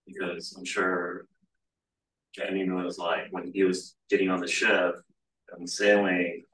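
A man with a very deep voice and a flat delivery joins a group discussion. He rambles hesitantly as he thinks aloud. He is picked up from far off in an echoey room. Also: measured pace. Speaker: Bible study participant.

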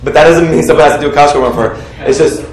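A man preaching a sermon, calling on the congregation to finish his sentences and shout out answers. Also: a little high, racing, background noise. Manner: animated, coaxes the congregation to call out answers. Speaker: pastor. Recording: echoey room, heard from a distance.

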